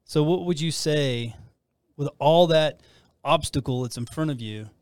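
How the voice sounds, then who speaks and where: A man's voice: on the high side, a little slow, clear, resonant tone, dry recording, clean studio sound. A man hosting a casual Christian talk show, who rambles and restarts his sentences often. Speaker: host.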